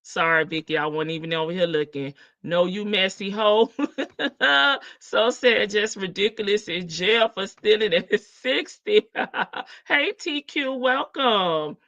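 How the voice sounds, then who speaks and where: A woman's voice: mid-range voice, slow, a bit bright, dry recording. A woman hosting a casual livestream, reading chat comments aloud in a sassy, teasing way and laughing often. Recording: dull lo-fi stream audio.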